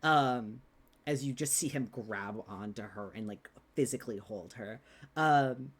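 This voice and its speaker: A man's voice: mid-range voice, unhurried, slightly rough. Man narrating as game master, full of ums.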